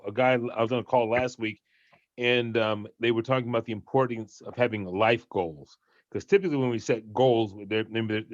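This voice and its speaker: A man's voice: mid-range voice, no room sound. A man on a group video call, thinking aloud with many hesitations. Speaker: meeting participant. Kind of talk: casual chat on a group call. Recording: dull, dry video call audio.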